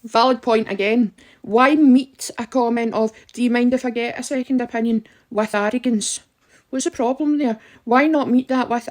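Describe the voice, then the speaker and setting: A woman's voice: a little high, fairly even intonation, moderate pace. A woman giving emphatic, direct advice to listeners in an impassioned talk. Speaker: campaigner.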